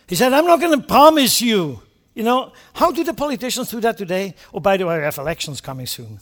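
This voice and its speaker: A male preacher giving an impassioned sermon, speaking straight to the congregation with rhetorical questions and sudden loud emphatic bursts. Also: high voice, sing-song, a little fast, long reverb tail. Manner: impassioned, swinging between quiet asides and loud emphatic bursts.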